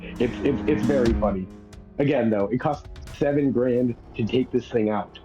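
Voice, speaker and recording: A man's voice: mid-range voice, normal speed, dark tone, highs cut off, soft background music. A man chatting casually, rambling through an explanation and laughing at his own points. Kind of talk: casual chat.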